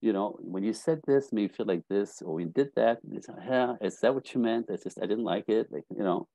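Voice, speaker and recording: A relationship coach, appearing as a guest in a casual interview, talks briskly in a fairly low, gravelly voice. He's an animated storyteller who acts out little quoted scenes while giving advice. The recording is rough and has no room sound.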